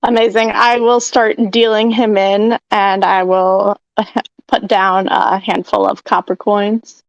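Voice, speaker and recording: A woman's voice: medium pitch, flat delivery, slow, gravelly, no echo, muffled recording. A woman playing a tabletop game, talking casually and with amusement. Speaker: player.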